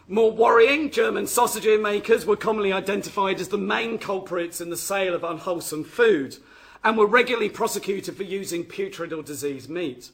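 Guy with a pretty high voice doing a history lecture, reads off notes, keeps restarting bits. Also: brisk, creaky, a bit bright.

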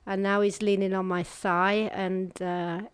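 A woman with a medium-pitched voice gives a personal testimony to an audience, earnest and halting, restarting and dropping to hushed pauses at hard moments. A vivid storyteller, she moves between brisk stretches and slow, quiet passages in a flat, smooth delivery. The recording is dry and close, with no room around it.

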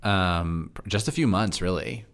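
A man who hosts a church podcast, talking fast and chatty in a casual interview, with frequent laughs. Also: low voice, a little hiss or hum. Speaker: pastor and podcast host.

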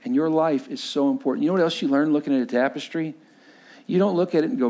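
Male pastor in his 40s, higher-pitched voice, animated storytelling sermon. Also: quick pace. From Texas. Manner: storytelling, acts out voices, drops low and quiet for emphasis.

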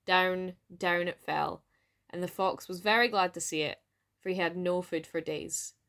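A woman with a Scottish accent narrating a folk tale aloud in a lively storytelling manner. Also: fairly low pitch, unhurried. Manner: lively read-aloud with voiced dialogue.

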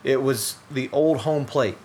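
A man co-hosting a casual podcast, an animated storyteller who acts out the quotes in his stories. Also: mid-range voice, unhurried, slight background noise. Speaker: podcast host.

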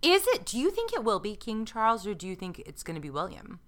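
A woman's voice: medium pitch, sing-song, fast. A woman in her thirties co-hosting a podcast, chatting casually with wry jokes and free swearing. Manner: wry, joking, swears freely. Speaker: podcast co-host. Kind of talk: casual comedic chat.

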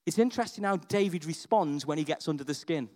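A man preaching a sermon, telling a story in a chatty, animated way, dropping to hushed asides and rising to excited near-shouts, with frequent "right?" and "okay?". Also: a little high, fast talker.

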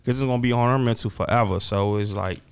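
A man's voice: on the low side, fairly even intonation, fast, vocal fry, clean tone. A grieving man in casual conversation, rambling emotionally and repeating himself, often trailing off and starting over. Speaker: guest.

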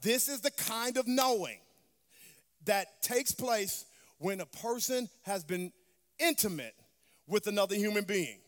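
A woman's voice: mid-range voice, lively intonation, unhurried. A woman preaching a sermon, emphatic, calling out for responses from the congregation. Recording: long hall reverb.

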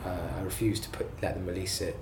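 Low-ish guy, singer-songwriter rambling about his career, self-deprecating, echoey room. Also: level tone, quick pace, noisy background. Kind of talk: casual interview chat. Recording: roomy echo, faint ambience.

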